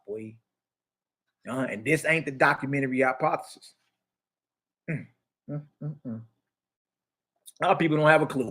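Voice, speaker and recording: High-pitched mocking male commentator. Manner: preachy, mocking, loud outbursts, slangy banter. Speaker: show host. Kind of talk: animated commentary reading from a book.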